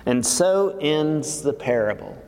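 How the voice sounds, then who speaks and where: A man's voice: a little high, animated, slow, darkish tone. A man preaching a sermon, retelling a parable in a dramatic storytelling manner. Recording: long reverb of a large hall.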